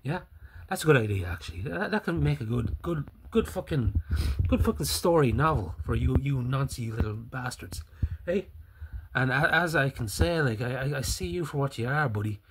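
A young Irish man delivering a sweary, scornful rant as an online commentator, hurling insults and now and then bursting into loud laughter. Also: mid-range voice, animated, moderate pace, a little hiss or hum. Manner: breaks into loud laughing fits. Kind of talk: profane ranting commentary.

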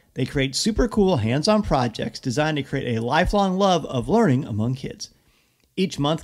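A man, a host and parent, reading an upbeat sponsor ad with enthusiasm. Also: a little high. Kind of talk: read ad spot.

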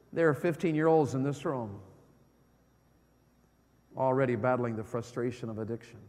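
A middle-aged man preaching a sermon as an evangelist, swinging from loud exclamations to hushed low tones. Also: moderate pace, pauses often. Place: church sanctuary. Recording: long church hall reverb.

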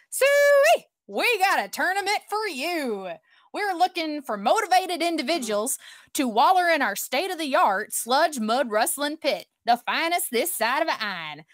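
A folksy announcer pitches a brutal mud-pit tournament in a thick Southern drawl, as a woman puts on the voice. The voice is high and hammy, with a salesy lilt. The sound is close and dry. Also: fairly bright tone, dry recording. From Oklahoma.

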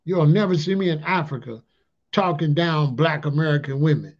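Man, slangy casual rant, repeats his catchphrases, slightly raised pitch. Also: moderate pace. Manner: loose streetwise slang, repeats "allegedly" and "you know what I'm saying". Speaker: commentator on a talk channel. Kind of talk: casual ranting monologue. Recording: dull lo-fi sound.

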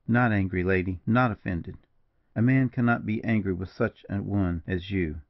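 A man voicing a grave frontier partisan major who speaks slowly and mournfully, in a dull, dry recording. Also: low-pitched, no echo. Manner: slow, mournful, measured.

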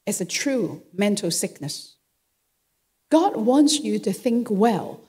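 Woman pastor, sermon, animated and slow, husky edge, long hall reverb. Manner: emphatic, repeats phrases, lively pitch swings.

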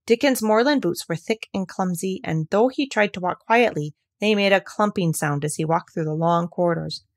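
Woman narrator for a classic storybook, calm and measured. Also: on the low side. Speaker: audiobook reader.

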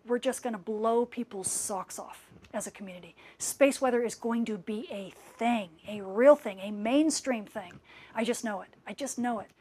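A middle-aged woman, a space weather scientist, hosts a live-stream Q&A, reading viewer comments and gushing with enthusiasm and thanks. Her voice is fairly high with a darkish tone and sounds worn out after hours of talking.

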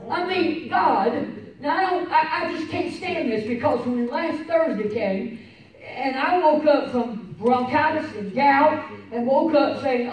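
A woman pastor preaching a sermon, swinging from shouted fervor to quiet personal storytelling. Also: on the high side, moderate pace. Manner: fervent preaching, rising to shouts, dropping to soft personal storytelling. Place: church sanctuary. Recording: echoey church from far off. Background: congregation responses.

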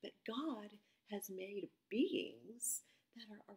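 Slow, expressive woman teaching children. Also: fairly high pitch. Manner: expressive, drops to soft whispers for emphasis. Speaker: children's devotion leader. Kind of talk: children's Bible devotion.

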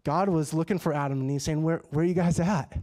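Animated, conversational male preacher. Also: a little high, fast talker. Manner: animated and conversational, acts out his own dialogue. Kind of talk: sermon with personal storytelling. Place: church sanctuary.

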